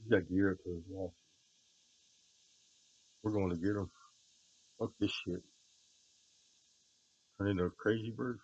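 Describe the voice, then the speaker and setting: Low-voiced man, rambling and shouting. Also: steady tone, measured pace, pauses often, breathy edge, muffled recording. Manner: rambling, drifting between muttering and repeated loud shouting.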